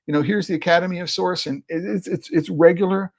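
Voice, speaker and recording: A man's voice: high-pitched, steady tone, fast talker, vocal fry. A man hosting a solo podcast, thinking aloud in a rambling, exasperated way with lots of fillers. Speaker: podcast host. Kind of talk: casual solo podcast commentary.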